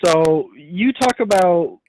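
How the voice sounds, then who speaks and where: A man's voice: sits high, animated, slow, a little mellow, slight background noise, poor audio. A man in his twenties from Canada, calling into a live stream and taunting the host. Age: 20s. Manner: combative, taunting. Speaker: caller.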